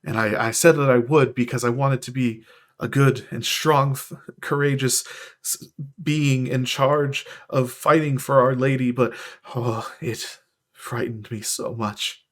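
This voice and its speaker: A man's voice: mid-range voice, steady tone, measured pace, lightly acted. A man voicing a timid, nervous male celestial with wings, who stammers and trips over his words. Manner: stammering, jittery and skittish.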